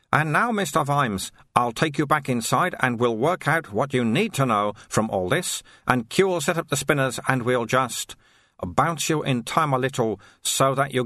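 A man reading an audiobook, voicing a calm, knowing male guide who speaks gently and reassuringly. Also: medium pitch, normal speed, no echo, clean studio sound. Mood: assured.

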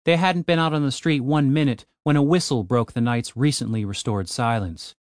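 A man narrating a comic fantasy audiobook in an expressive, wry way. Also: mid-range voice, moderate pace, no echo, clean studio sound.

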